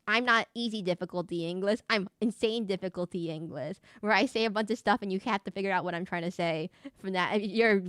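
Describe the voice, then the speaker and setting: Young woman, slight lisp, fast rambling chatter, mid pitch, clear tone. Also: a bit bright, no echo, clean studio sound. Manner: fast, rambling, self-correcting talk. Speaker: VTuber streamer. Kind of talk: casual live-stream chat while gaming.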